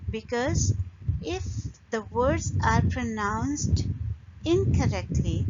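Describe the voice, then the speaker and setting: A woman giving an English pronunciation lesson, explaining rules slowly and modelling words with pauses between phrases. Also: on the high side, sing-song. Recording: dull lo-fi recording with loud noise.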